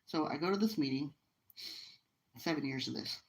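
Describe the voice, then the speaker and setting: Low-voiced woman telling a heartfelt story. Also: normal speed, poor audio. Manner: earnest, emotional, rambling with restarts. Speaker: livestream host. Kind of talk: casual personal storytelling. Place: at home by a fire.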